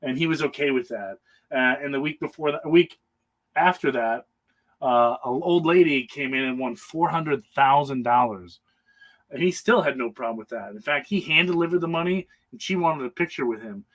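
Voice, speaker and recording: A man at an everyday middle pitch casually recapping a comic book for a panel. He rambles, stumbles through hesitations and chuckles often as he goes. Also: moderate pace, poor audio.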